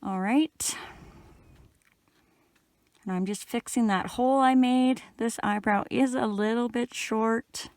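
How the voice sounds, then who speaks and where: A middle-aged woman from Canada giving a relaxed, chatty step-by-step crochet tutorial while she works. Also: on the high side, takes it slowly, pauses often, dry recording. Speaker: crochet instructor.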